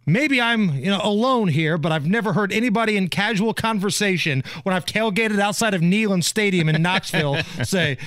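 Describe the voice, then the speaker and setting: A man's voice: high voice, lively intonation, moderate pace, few pauses, fairly bright tone, dry recording, clean studio sound. A man hosting a radio talk show, telling jokey stories in a wry, rambling way. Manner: wry, laughing, rambling storyteller. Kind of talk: casual chat, mocking commentary.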